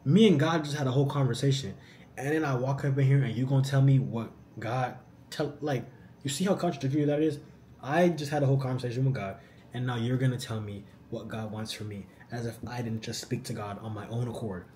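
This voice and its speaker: A young man talks through a casual Q&A vlog. He is animated and slangy, and keeps throwing in "bro." His voice sits mid-range and sounds warm and mellow, with a faint hiss of background noise. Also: mid-range voice, brisk. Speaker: YouTuber answering viewer questions.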